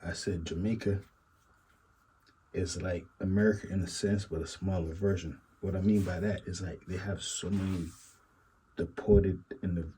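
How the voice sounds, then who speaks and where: A man's voice: low-pitched, fairly even intonation, moderate pace, dark tone, slightly rough, low-quality recording. A man hosting a casual commentary talk, rambling and musing, circling back with repeated asides. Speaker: commentary channel host.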